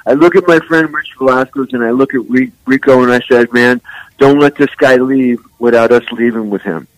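An older man from San Francisco, a musician guest, telling rambling, animated stories full of "man" and "you know.". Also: mid-range voice, a little fast, no echo, low-quality recording. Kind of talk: casual storytelling interview.

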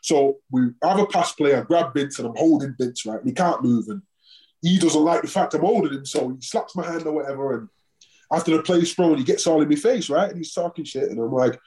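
A man's voice: on the high side, brisk, warm tone. A man, a former football player and podcast guest, telling a story in casual chat and acting out the exchanges he quotes.

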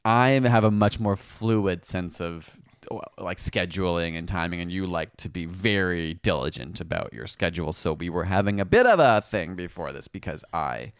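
A man co-hosting a podcast in casual chat, playful and quick to laugh, trying out different voices. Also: sits low, animated, smooth, no room sound, clean studio sound. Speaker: podcast co-host.

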